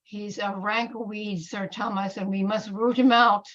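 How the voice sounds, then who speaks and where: A woman reading the part of a scheming male bishop in an amateur Shakespeare reading, with slow, deliberate verse delivery. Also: mid-range voice, fairly even intonation, a bit bright, muffled recording, lightly acted. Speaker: reader in a play reading.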